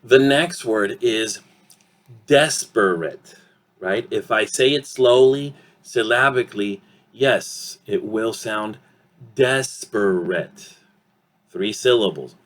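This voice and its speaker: A man teaching English pronunciation in an online lesson, speaking deliberately, modelling words slowly and often checking in with the learner. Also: on the low side.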